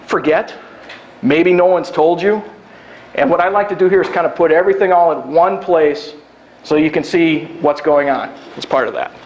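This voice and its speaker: A man's voice: a little high, lo-fi sound. A man who works as a recruiter, giving job search advice to an audience in a down-to-earth, joking way, acting out quoted lines. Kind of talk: presentation to an audience.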